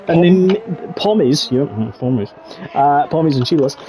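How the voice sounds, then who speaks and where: A man's voice: on the high side, lively intonation, unhurried, dark tone. A Scottish man doing jokey, rambling live commentary for an online racing league. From Scotland. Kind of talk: live esports race commentary.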